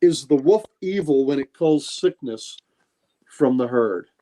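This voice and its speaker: A man voicing a gentle, earnest former priest mutant, soft-spoken and questioning. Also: medium pitch, lively intonation, a little slow, natural voice. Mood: earnest, searching.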